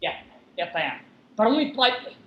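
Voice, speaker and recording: A lisping, limping masked man, as a woman puts him on, urgent and evasive. He often drops to a whisper and pleads with a slightly high voice. A live play reading over a video call. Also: very animated, fairly quick, reverberant, lo-fi sound. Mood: wistful. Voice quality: lisp.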